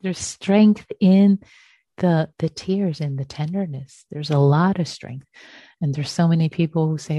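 Over a video call, a woman teaches an online meditation group, speaking gently, slowly, and reassuringly. Her voice sits low, and the recording is dry.

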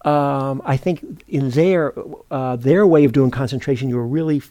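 A middle-aged man giving a meditation teaching at a retreat center, speaking in an unhurried, thoughtful way, often pausing to correct himself. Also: medium pitch, mellow, muffled recording. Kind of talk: dharma talk.

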